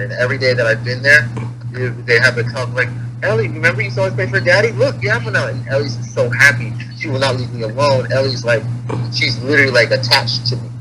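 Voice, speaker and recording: A man talking openly as an interview guest, voice at a middle pitch. He repeats himself as he goes, and he grows heated at times. The recording is noisy, with a steady hum under it. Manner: candid, repetitive, rising heated at points. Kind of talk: casual interview talk.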